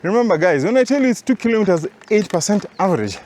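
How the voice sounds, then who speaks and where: A man's voice: high voice, very animated, quick pace, darkish tone, a little hiss or hum. A man riding a mountain bike route outdoors, out of breath and chatty as he explains each turn and climb. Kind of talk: talking while riding, route commentary.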